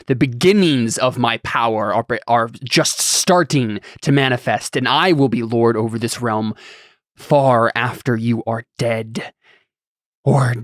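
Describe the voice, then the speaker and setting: A man putting on a proud dark lord from a tabletop fantasy game, speaking in slow, grandiose threats. The voice is close and dry, in a middle register. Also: medium pitch, no room sound, natural voice. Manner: slow, grandiose, menacing speech. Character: proud, scornful Black Numenorean male lord.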